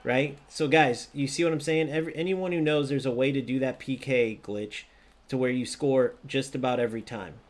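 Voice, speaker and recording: A man talking over a football video game as he plays, ranting at his viewers. His voice sits at an ordinary middle pitch, and he argues in a fired-up, conversational way, turning to the audience again and again to press his point. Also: fairly even intonation, normal speed. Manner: ranting, argumentative, addresses viewers directly. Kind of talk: live gameplay commentary.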